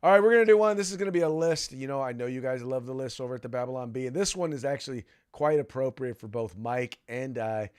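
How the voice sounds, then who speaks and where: A man's voice: medium pitch, fast, few pauses, a little mellow, smooth. A man hosting a casual political talk podcast and reading sponsor spots. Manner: conversational, reads ad copy. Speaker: podcast host.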